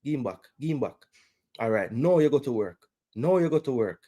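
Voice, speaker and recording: A man with a Jamaican accent hosting a fan watch-along, reacting live to the match and yelling instructions at the players. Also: medium pitch, sing-song, brisk, husky. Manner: swings between loud cries and muttered groans.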